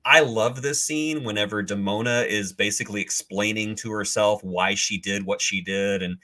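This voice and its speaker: A man's voice: fairly low pitch, steady tone, moderate pace, sharp tone. A man co-hosting a podcast in casual chat, enthusiastic and teasing about spoilers. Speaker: podcast co-host.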